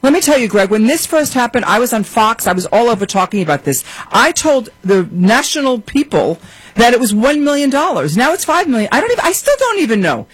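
A woman who is a real estate guest on a panel, speaking forcefully and with alarm in rapid lists. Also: on the high side, very animated, husky, dry recording, rough recording. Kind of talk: panel discussion.

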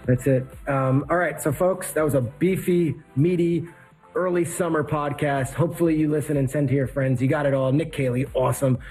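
A man with a somewhat high voice hosting a podcast. He is upbeat and jokey, rattling off shout-outs as he wraps up the show. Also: steady tone, a little fast, soft background music. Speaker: podcast host. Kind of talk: casual podcast sign-off.

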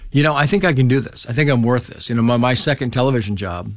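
Male guest, mid-pitched, chatty storyteller who jumps into quoted voices; dry close mic. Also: quick pace, no room sound. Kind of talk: casual conversation.

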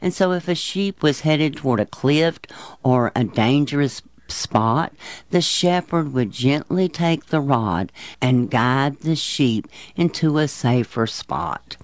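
Male devotional teacher, unhurried and soothing, earnest tone, dry close sound. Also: medium pitch, lively intonation, no echo. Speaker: Bible teacher. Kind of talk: gentle devotional talk for children.

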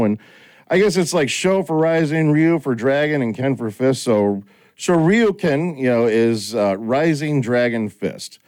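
A middle-aged man chatting casually as a host, with a lively, swooping delivery. He tells stories and acts out the lines he quotes. His voice sits at an ordinary pitch for a man. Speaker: podcast host. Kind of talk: casual chat.

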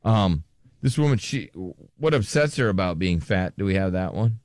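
A man's voice: low voice, animated, normal speed, a little mellow, dry recording. Podcast co-host, man, teasing and sarcastic, voice jumps around a lot, dry close sound. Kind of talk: casual chat.

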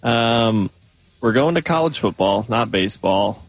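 A man's voice: on the low side, animated, a little slow, no room sound, rough recording. A man working as a show's video producer, speaking in an easygoing, laid-back way on a studio mic. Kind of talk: casual studio banter.

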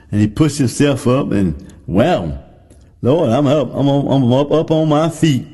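Male preacher, folksy storytelling sermon, mid-pitched voice, long hall echo. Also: mellow. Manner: folksy storytelling, repeats phrases.

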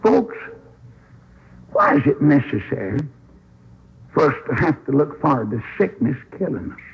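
A man's voice: on the high side, sing-song, normal speed, gravelly, slightly rough. A man preaching an old-time revival sermon, telling Bible stories in a folksy way and acting out the voices. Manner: folksy storytelling, acts out dialogue, swings up into shouts. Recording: lo-fi radio broadcast recording.

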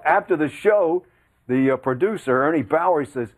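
An older male sportscaster tells old stories with a lively voice that swoops up and down. He acts out the quotes as he goes. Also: fairly high pitch, normal speed. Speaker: veteran sportscaster guest. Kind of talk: anecdotal storytelling.

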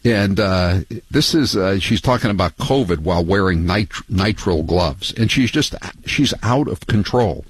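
An older man hosting a talk radio show, rambling and sarcastic, with many halting restarts. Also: deep voice, animated, breathy edge, no echo, poor audio.

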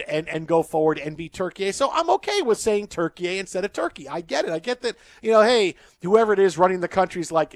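A man's voice: high-pitched, very animated, a little fast, hardly any pauses, no room sound. A man hosting a sports radio show in a studio, bantering playfully and laughing often.

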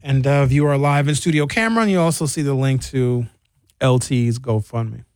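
A man's voice: medium pitch, moderate pace, darkish tone, no room sound, clean studio sound. A man hosting a radio talk show, ranting comically with put-on mocking voices. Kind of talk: casual radio monologue.

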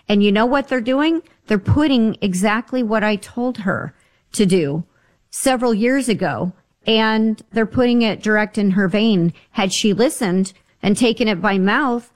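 A woman on a talk show, telling stories and giving health advice in a chatty, emphatic way. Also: medium pitch. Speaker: guest health advisor. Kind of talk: casual radio talk.

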